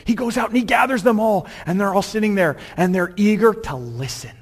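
A pastor preaches with animation and acts out scenes in character voices. His voice sits fairly high for a man and rings with a long echo through a church sanctuary. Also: fairly quick, slightly rough. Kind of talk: sermon. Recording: long hall reverb, church.

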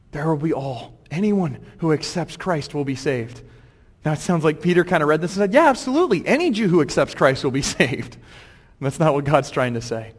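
A man preaching a sermon in a lively, humorous way, acting out the scripture as he goes. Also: high voice, big-room sound. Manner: humorous, acts out quotes, animated.

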